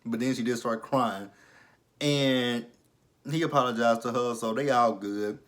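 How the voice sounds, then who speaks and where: A young man gives a loose, swearing recap of a TV episode. He laughs often and jumps into the characters' lines with a lot of energy, in a voice of ordinary pitch for a man. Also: unhurried, fairly bright tone. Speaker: TV episode reviewer. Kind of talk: casual recap and commentary.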